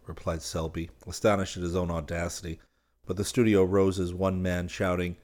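A man's voice: flat delivery, moderate pace. A man reading a novel aloud as a narrator, lifting his voice for the characters' lines. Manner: voices characters by raising pitch and volume. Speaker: audiobook narrator. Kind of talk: scripted narration.

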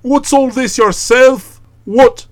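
A man's voice: very high-pitched, slow pace. A man playing a blustering, testy old uncle. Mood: furious. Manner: sputtering, explosive outbursts. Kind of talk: audiobook character voice.

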